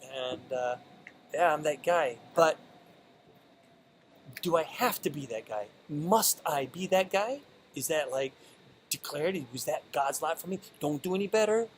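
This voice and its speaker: A man's voice: fairly high pitch, expressive, unhurried, slight background noise, rough recording. A man talking straight to camera in a motivational vlog, earnest and stumbling, often repeating and restarting his words. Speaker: vlogger. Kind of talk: motivational monologue.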